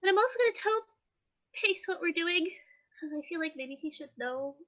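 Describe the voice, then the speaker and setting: A woman's voice: extremely high pitch, lively intonation, moderate pace, a bit bright, lo-fi sound, pitched above the performer's own voice. A woman voicing a small, nervous male office clerk creature who talks in a hesitant, fretful way. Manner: fretful, hesitant, rule-bending.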